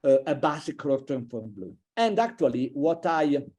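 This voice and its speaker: A man giving an online university lecture, halting and thinking aloud with many fillers and restarts. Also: a little high, sing-song, mellow. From Italy. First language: a regional language between France and Italy.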